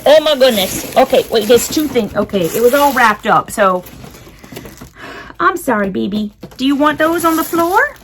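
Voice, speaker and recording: A woman's voice: high voice, animated, normal speed, slight background noise. A woman chatting casually while unboxing, giggling often and talking to her cat. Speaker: unboxing vlogger.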